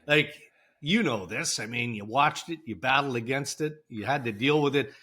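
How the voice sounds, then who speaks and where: Guy cohosting a hockey podcast, bright forceful voice, chatty and punchy. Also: mid-range voice, moderate pace, slightly rough. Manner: chatty, emphatic, laughs often. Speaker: podcast co-host. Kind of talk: casual hockey chat.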